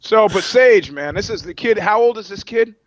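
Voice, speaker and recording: A man's voice: sits high, animated, normal speed. A man co-hosting a comedy podcast, rambling through profane, joking riffs. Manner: rambling, profane, riffing with voices and jokes. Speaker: podcast co-host. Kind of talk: casual comedic chat.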